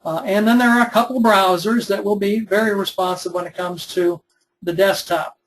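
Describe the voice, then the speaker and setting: A man's voice: high voice, steady tone, moderate pace, fairly bright tone, a little hiss or hum, low-quality recording. A man in his twenties, teaching a recorded web development webinar in a conversational, step-by-step way with frequent fillers. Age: 20s.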